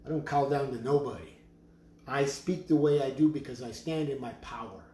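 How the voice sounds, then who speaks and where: A man making drums, talking slowly with prayerful, emphatic declarations and chanted words as he presents his drums in his studio. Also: medium pitch, dark tone. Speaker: drum maker selling drums on a live stream. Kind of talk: live sales stream with spiritual talk. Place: studio full of drums and rattles. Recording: roomy studio with faint noise.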